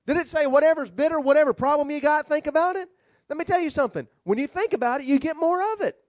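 A man who is a rabbi, preaching a sermon with animated, humorous storytelling. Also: very high-pitched, quick pace, no room sound.

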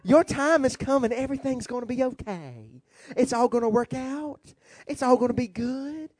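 A man imitating a gentle adult male TV preacher who smiles as he talks, slow and soothing. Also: very high voice, no room sound. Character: soft-spoken smiling adult male TV preacher.

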